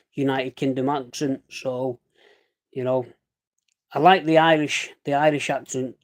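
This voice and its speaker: A man from Salford with a Mancunian accent, rambling in fast, casual live-stream chat and calling listeners "mate". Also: medium pitch, a little mellow. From Salford, England. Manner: rambling, chatty, says "mate" often; fast dialect.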